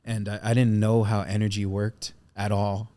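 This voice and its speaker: A man with a somewhat low voice co-hosts a casual podcast. He talks openly, reads a passage aloud and gets emotional. He swears now and then. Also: flat delivery, moderate pace, dark tone. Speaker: podcast co-host.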